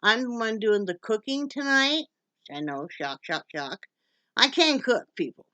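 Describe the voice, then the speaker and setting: A woman's voice: a little high, expressive, measured pace, sharp tone, dry recording. A middle-aged woman from Wyoming chatting casually in a home vlog, laughing often and cooing to her dog. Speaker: vlogger.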